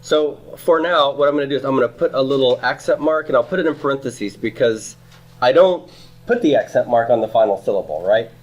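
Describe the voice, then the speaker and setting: Speaking a little fast in a mid-range voice, a man teaches a Hebrew grammar class in lecture form. He goes step by step, repeating and restarting phrases, and keeps asking "okay?" and "right?" to make sure students follow.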